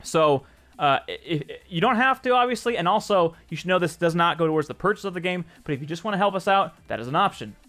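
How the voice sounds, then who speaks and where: Slightly high-voiced chatty streamer man. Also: expressive, fast, a bit bright, soft background music. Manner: chatty, answers chat by name, jokes and corrects himself. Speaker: streamer and game developer. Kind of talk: casual live-stream chat.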